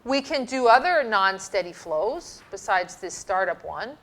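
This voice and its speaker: A middle-aged woman lectures to a class, walking through slides with firm emphasis. Her voice sits in a middle pitch, and she speaks conversationally to the students. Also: lively intonation, a little slow, fairly bright tone. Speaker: university lecturer. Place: lecture hall.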